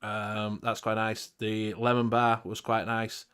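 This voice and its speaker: British man, casual chat host, blunt, swears freely, quick laugh. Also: on the low side, monotone, a bit bright, clear, resonant tone. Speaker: show host.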